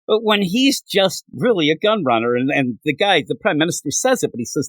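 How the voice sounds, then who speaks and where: A man hosting a casual comic review, retelling scenes with quick character voices. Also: on the high side, big pitch swings, fairly bright tone, dry recording. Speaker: comic book podcast host.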